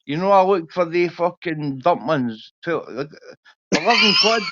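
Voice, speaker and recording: A man's voice: on the high side, animated, unhurried, a bit bright, no room sound. A man, rambling and swearing through a casual livestream chat. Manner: swears constantly, rambling storytelling. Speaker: livestream guest. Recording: dull lo-fi stream audio.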